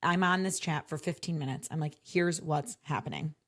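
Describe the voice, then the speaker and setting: A woman's voice: sits low, moderate pace. A young woman co-hosting a casual podcast, venting about service with bursts of laughter. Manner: vents with laughter, quotes others. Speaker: podcast co-host.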